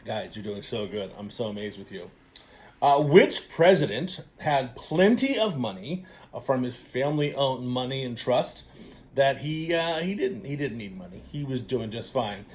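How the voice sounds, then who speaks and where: A man's voice: mid-range voice, animated, measured pace, darkish tone, slight background noise. A man hosting a casual trivia quiz to camera, upbeat and encouraging, with plenty of fillers and self-corrections. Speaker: trivia show host.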